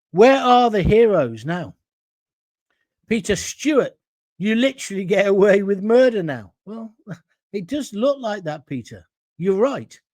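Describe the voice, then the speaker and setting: A middle-aged man hosts a solo talk show, delivering a blunt, indignant monologue. His voice sits high for a man and swings widely in pitch. The sound is dry and close, with little room around it. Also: a little mellow, dry recording.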